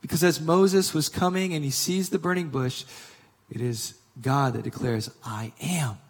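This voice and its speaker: A man preaches a sermon in a fairly high voice that rings with a long echo. He reads scripture slowly and rises with force on his key points, speaking as the church's pastor. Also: fairly even intonation, husky. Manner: emphatic preaching, slowing for scripture and rising on key claims.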